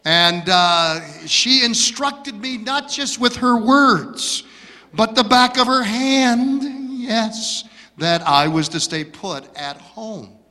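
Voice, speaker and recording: A man from Michigan telling stories from his childhood as a preacher, dramatic and swinging from hushed to loud. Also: high voice, animated, slow pace. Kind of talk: storytelling sermon. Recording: long hall reverb.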